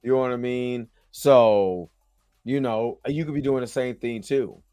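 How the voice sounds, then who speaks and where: A worn-out man talks through a TV episode in a loose, slangy ramble, checking in with his viewers again and again. His voice sits at an ordinary middle pitch and sounds close and dry, with faint music underneath. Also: a little slow, dark tone, clear, resonant tone, dry recording. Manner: rambling, slangy, chatty, keeps asking "you know what I'm saying". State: tired, yawning after a long work shift. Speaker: show host reviewing a TV episode. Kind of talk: casual video review.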